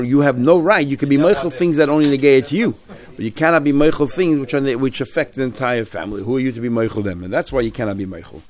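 A man leads a Talmud class in a lively sing-song chant. He acts out both parties of each case as he explains it, switching between them with quick, animated delivery. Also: mid-range voice. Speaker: Talmud teacher.

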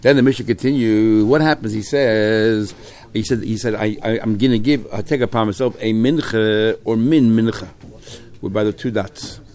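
Male Talmud teacher, lively, keeps asking the class questions. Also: fairly low pitch, normal speed. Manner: lively, mixes Hebrew-Aramaic terms into English, rhetorical questions.

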